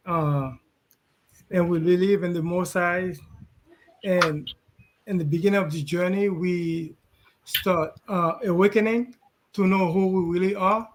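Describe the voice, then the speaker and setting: A man from Haiti, telling his story on a video call, earnest and hesitant with pauses. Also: high-pitched, slight background noise. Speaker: client and guest on a live call. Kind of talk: casual testimony on a video call.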